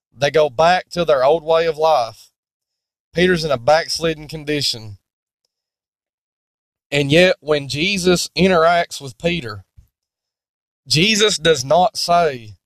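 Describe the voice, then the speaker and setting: A man preaching in a sermon-style Bible teaching, deliberate and emphatic. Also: on the high side, no room sound.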